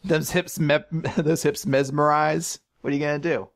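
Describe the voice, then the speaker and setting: A man's voice: a little high, steady tone, moderate pace, gravelly, no echo. A man co-hosting a podcast, giving rambling opinions in casual chat full of tangents and restarts. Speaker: podcast co-host.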